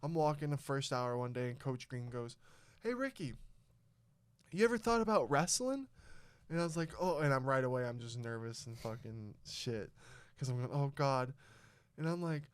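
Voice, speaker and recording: Profane storytelling man with a smooth voice. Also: medium pitch, normal speed. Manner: profane, animated storyteller who acts out quotes. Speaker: podcast host. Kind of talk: casual podcast storytelling.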